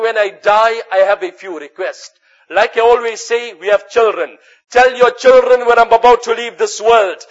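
Male preacher, high voice, earnest storytelling sermon, muffled lo-fi recording. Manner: earnest preaching, often quotes Arabic narrations. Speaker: Islamic preacher. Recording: dull lo-fi recording.

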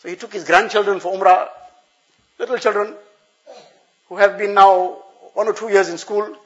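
A man's voice: high-pitched, steady tone, normal speed, fairly bright tone, dull audio. A male preacher giving an earnest, explanatory sermon, repeating phrases for emphasis.

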